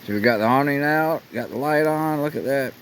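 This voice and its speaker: A man filming a relaxed, rambling camping vlog at an outdoor campsite on a handheld camera. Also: medium pitch, brisk, low-quality recording. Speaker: vlogger. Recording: faint outdoor noise.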